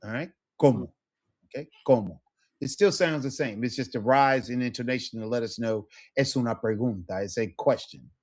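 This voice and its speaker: A man teaching a one-on-one Spanish lesson, patient and encouraging, modeling words slowly for a student. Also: mid-range voice.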